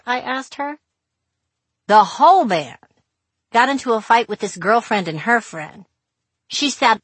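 A woman's voice: medium pitch, lively intonation, normal speed, a bit bright, breathy edge, no echo. A woman narrating her own memoir in a frank, wry, profane way, recorded on a close mic.

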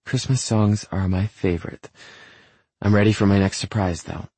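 A man voicing a giddy, affectionate young woman in an audiobook, soft and a little whiny. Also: on the low side, fairly even intonation, normal speed, gravelly, husky, no room sound, voice pushed up. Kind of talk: audiobook character voice.

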